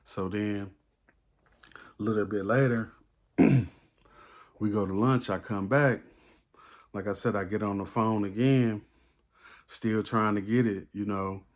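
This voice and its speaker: A man with a very low, deep voice tells a casual storytime monologue. He rambles loosely, with lots of fillers and swearing. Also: fairly even intonation, slow, long pauses.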